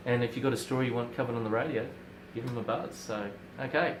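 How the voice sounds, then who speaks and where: A man hosting a casual interview, talking fast and giving friendly back-and-forth replies. He is in an echoey room with faint background noise. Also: mid-range voice. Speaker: host.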